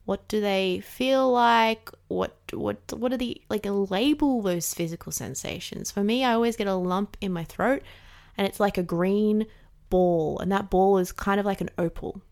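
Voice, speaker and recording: A woman's voice: mid-range voice, moderate pace, darkish tone. A woman talking casually and candidly about processing emotions, chatty with many fillers and the odd swear word. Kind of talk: casual reflective monologue.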